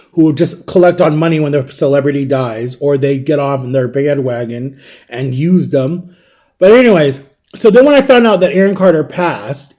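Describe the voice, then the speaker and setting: Casual male vlogger, warm and a bit high, rambling storyteller who keeps checking in with "right?". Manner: chatty, peppers talk with "like" and "right?"; emotional, vivid retelling of memories.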